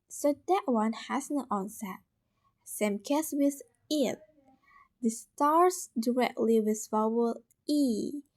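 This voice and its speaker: Slow, careful woman with Indonesian accent. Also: a little high. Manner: slow, careful explanations with repeated examples. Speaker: student presenter. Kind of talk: class video lesson.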